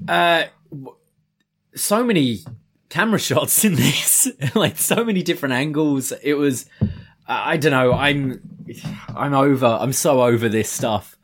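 A man's voice: medium pitch, a little slow. A man co-hosting a podcast, chatting casually with frequent laughs and hesitant restarts. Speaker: podcast co-host. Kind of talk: casual chat.

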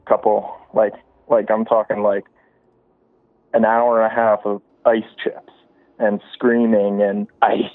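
This caller's fairly low voice comes through dry on a tinny phone line as he recounts a spooky story to a show. He rambles casually, full of fillers and restarting his sentences.

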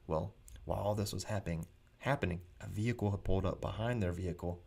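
A man, a preacher hosting his own vlog, telling anecdotes in a chatty, animated way with frequent restarts. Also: low-pitched, fast talker, creaky. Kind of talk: casual anecdotal storytelling.

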